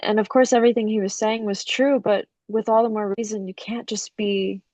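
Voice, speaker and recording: A woman's voice: mid-range voice, steady tone, a little fast, darkish tone, no room sound, lightly acted. Woman as an earnest teen girl, everyday mid voice, dry close sound. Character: teenage girl, a daughter, earnest and playful.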